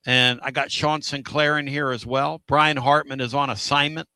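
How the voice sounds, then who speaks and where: A man hosting a sports radio show, energetic and rambling, laughing often between stories. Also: medium pitch, moderate pace, clear, resonant tone, dry recording. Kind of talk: excitable sports radio chat.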